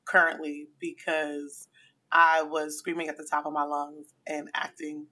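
A woman in casual podcast chat, telling stories in an animated, slangy way with frequent laughs. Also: sits low, measured pace. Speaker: podcast guest.

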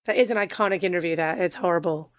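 A woman co-hosting a casual chat podcast, reacting with laughs and quick comments. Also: fairly low pitch, dry recording, studio quality. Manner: expressive, laughs and gasps often. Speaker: podcast co-host.

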